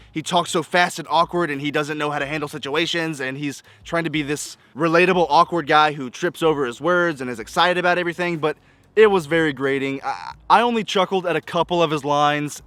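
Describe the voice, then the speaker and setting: A man's voice: a little high, a bit bright, no echo. A man giving a casual spoken movie review, exasperated and nitpicking, stacking up rhetorical questions. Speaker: film reviewer.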